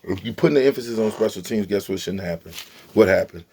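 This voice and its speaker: Gravelly, exasperated football commentator, man. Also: on the low side, quick pace, dark tone. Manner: preachy, emphatic, exasperated, talks to players directly. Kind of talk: animated sports commentary vlog.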